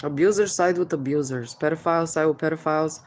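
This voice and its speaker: In a fast, low-pitched and slightly mellow voice, a mother confronts child services officials on camera, needling them with "hmm?" and calling them "baby" while warning of spiritual consequences. A little hiss or hum sits under the recording.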